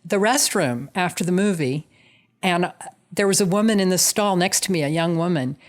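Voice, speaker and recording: A woman guest telling animated anecdotes in casual conversation. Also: fairly low pitch, moderate pace. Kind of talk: casual storytelling.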